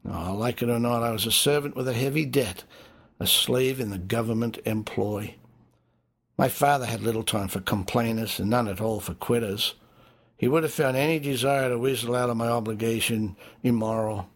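A man reading a first-person memoir in a measured, wry storytelling manner. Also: mid-range voice. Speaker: audiobook narrator.

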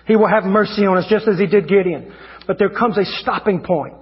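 A man preaching an evangelist's sermon, fervent and repetitive, rising to shouts at his peaks. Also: sits high, brisk, in a large hall, highs cut off. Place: church hall.

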